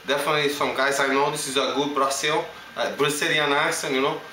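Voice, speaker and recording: In a showreel monologue recorded in an echoey room with slight background noise, a male actor chats confidently to camera, switching among various English accents. He speaks quickly in a slightly high, flat, sharp-toned voice.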